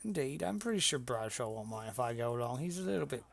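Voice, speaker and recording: A man's voice: medium pitch, very animated, fast, gravelly. A man, the game master, playing a boastful, crude male bagpiper who talks in a rambling, hesitant way. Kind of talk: tabletop role-play voice.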